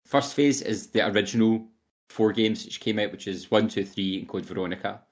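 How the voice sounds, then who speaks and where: Young male podcast co-host, casual rambling storyteller, slightly low pitch. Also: fairly quick. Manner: chatty and rambling, quoting game lines in put-on voices. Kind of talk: casual chat.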